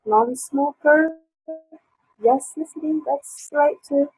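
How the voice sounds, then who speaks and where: A woman's voice: high voice, steady tone, takes it slowly, a little mellow, no echo, soft background music. A woman teaching a live online English class, hesitant and full of fillers, over dull lo-fi call audio. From Tunisia.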